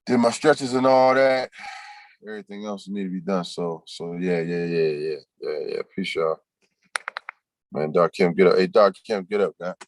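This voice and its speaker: A man's voice: low-pitched, no room sound. A man hosting a livestream, chatting loosely in slang and reading viewers' comments aloud. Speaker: livestream host. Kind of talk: casual livestream chat.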